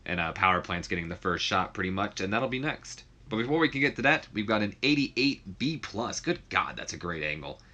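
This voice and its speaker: A man's voice: fairly low pitch, expressive, fairly quick, few pauses, bright, forceful tone, dull audio. A man giving loose, rambling commentary on a wrestling management game and acting out characters' lines. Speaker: video creator.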